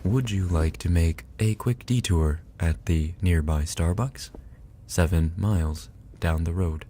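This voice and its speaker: A man on an ASMR stream imitating a car GPS navigator, giving flat, bossy driving instructions. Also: deep voice, a little slow, slight background noise. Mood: instructive. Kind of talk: ASMR livestream role-play.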